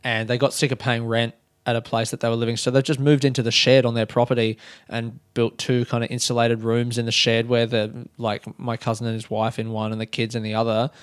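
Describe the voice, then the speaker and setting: An Australian man in his thirties, hosting a solo podcast, telling rambling, profane stories and acting out shouts. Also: medium pitch, clean tone, dry recording, clean studio sound. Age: 30s. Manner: rambling, swears freely, acts out shouts. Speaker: podcast host. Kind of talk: casual solo storytelling.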